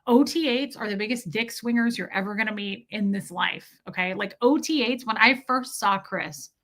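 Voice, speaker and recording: Woman, livestream host, candid animated storytelling, greets chat viewers, bright tense voice. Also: mid-range voice, normal speed.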